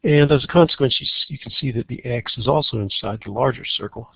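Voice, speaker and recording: A man teaching a recorded math lesson on logic problems, walking through each problem in a relaxed way and thinking aloud. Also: mid-range voice, quick pace, gravelly, husky, muffled recording.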